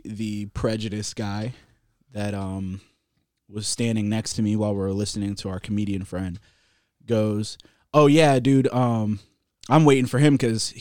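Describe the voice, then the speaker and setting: A podcast co-host spins a long tale in a laid-back manner, cursing and laughing at his own story along the way. His voice is lowish and mellow, recorded clean in a studio with no echo.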